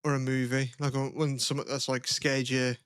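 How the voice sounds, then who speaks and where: A man's voice: medium pitch, little pitch movement, fairly quick, fairly bright tone, clear, resonant tone, dry recording, clean studio sound. A young man, co-hosting a podcast in rambling, casual chat and laughing often. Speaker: podcast co-host.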